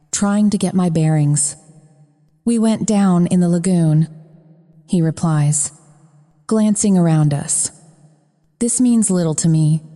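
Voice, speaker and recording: A woman's voice: on the low side, mellow, big-room sound. A woman narrating a romance audiobook in the first person, in an intimate, breathless telling.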